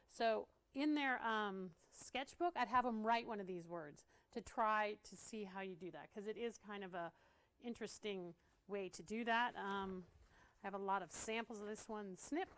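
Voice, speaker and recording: A woman's voice: fairly high pitch, fairly bright tone. A woman giving a casual training talk to art teachers, chatty and laughing often as she acts out what kids say.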